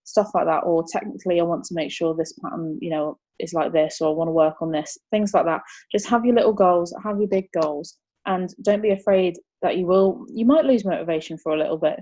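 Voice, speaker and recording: A young woman, chatting as an interview guest, upbeat and quick to laugh. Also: lowish voice, warm tone. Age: 20s. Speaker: martial arts competitor, interview guest. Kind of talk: casual interview chat.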